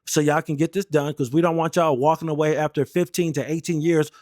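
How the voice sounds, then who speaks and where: A man's voice: a little high, steady tone, fairly quick, a little mellow, dry recording, studio quality. A young American man and Air Force veteran telling stories in a blunt, heated, profane way. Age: young adult. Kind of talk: casual storytelling rant.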